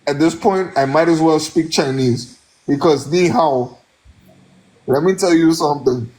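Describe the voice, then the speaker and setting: A man chatting excitedly on a phone live stream, swearing often and laughing a lot. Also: a little high, a little slow. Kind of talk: casual live-stream chat.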